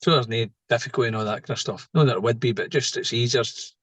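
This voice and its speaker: A middle-aged Scottish man speaks as a podcast guest, spinning out a personal story in loose, rambling sentences. He keeps checking in with the listener with a quick "right?" The recording is close and dry, with no room sound. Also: mid-range voice, dry recording, poor audio. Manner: rambling, tags lines with "right?". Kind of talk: casual storytelling.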